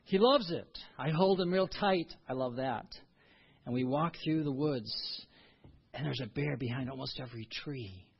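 A man's voice: mid-range voice, moderate pace, husky, muffled recording. A man preaching a sermon as a pastor, earnest and emphatic.

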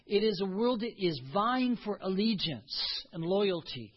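A man's voice: high-pitched, husky, muffled recording. A man preaching a sermon as a pastor, earnest and emphatic.

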